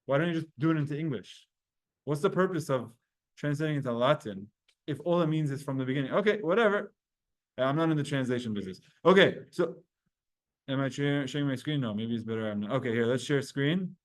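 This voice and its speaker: A man teaching a Talmud class online, energetic and quick, putting questions to his students. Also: mid-range voice.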